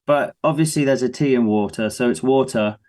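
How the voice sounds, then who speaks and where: A man in his thirties with an English accent, a guest musician on a casual interview, telling lively stories and acting out his family's voices. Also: medium pitch, brisk. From England.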